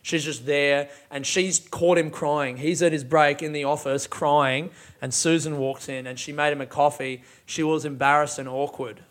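A man's voice: a little high, fairly even intonation, moderate pace, few pauses, fairly bright tone. A young man casually breaking down song lyrics, swearing freely and laughing often as he talks. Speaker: music reviewer.

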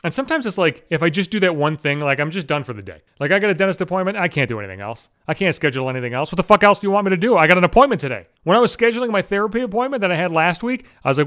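Loud, fast-talking profane man. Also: high-pitched, expressive. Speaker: podcast host. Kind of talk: solo podcast monologue. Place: home apartment.

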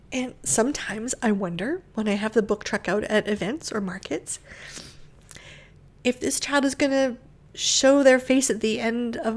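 A middle-aged woman hosting her own podcast, telling a personal story in a candid, expressive way with laughs and whispered asides. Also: a little high. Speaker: podcast host and bookshop owner.

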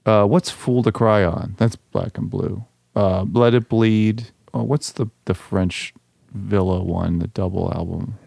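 A young man hosting a casual chat, telling stories in an animated, rambling way with many fillers. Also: lowish voice, unhurried, creaky, no room sound, clean studio sound.

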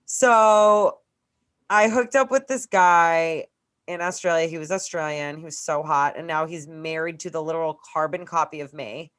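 A woman's voice: sits low, fairly even intonation, normal speed. A woman in her thirties from Massachusetts, co-hosting a podcast and telling a long personal story in casual, profane speech full of "like". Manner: profane, rambling, heavy use of "like". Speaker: podcast co-host.

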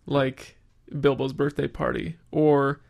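A man's voice: medium pitch, flat delivery, slow pace, gravelly, dull audio. A man co-hosting a casual podcast chat, upbeat and laughing often as he runs a trivia quiz. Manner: giggly, upbeat, quizzes his co-host. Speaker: podcast co-host.

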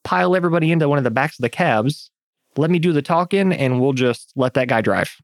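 A man playing a character in a tabletop game, lively and self-mocking, often laughing. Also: on the high side, quick pace, dry recording. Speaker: player.

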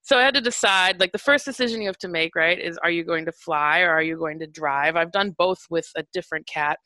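A woman's voice: lowish voice, fast talker, bright, forceful tone, dry recording. A woman casually telling a personal story in a chatty, wry way with many fillers.

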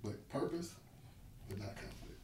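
A man's voice: a little slow, reverberant, very noisy. A man, a pastor, speaking emphatically and self-assuredly in a casual conversation.

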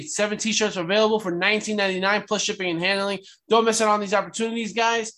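A man co-hosting a podcast, energetic and upbeat as he reads plugs in an announcer-like way. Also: sits high, fast, hardly any pauses. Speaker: podcast co-host. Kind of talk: casual podcast chat and ad reads.

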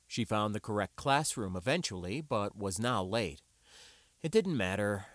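A man narrating an audiobook with a wry, expressive reading. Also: on the low side, unhurried, dry recording, studio quality.

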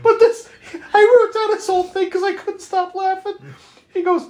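A podcast co-host recapping a horror movie in casual chat, animated and profane, often laughing. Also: moderate pace, a little hiss or hum. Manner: animated, profane, laughing, with sudden pitch jumps. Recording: roomy echo.

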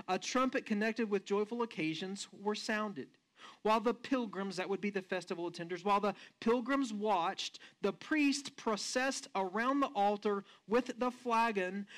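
A man preaching a sermon as a pastor, retelling a scene with rhetorical questions to his congregation and often slowing down or speeding up for emphasis. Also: high-pitched, a bit bright.

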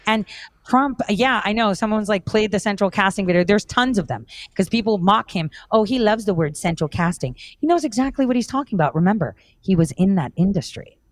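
A woman's voice: mid-range voice, expressive, brisk, a little hiss or hum. A woman talking emphatically and insistently as a guest on a talk show. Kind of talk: casual talk show conversation.

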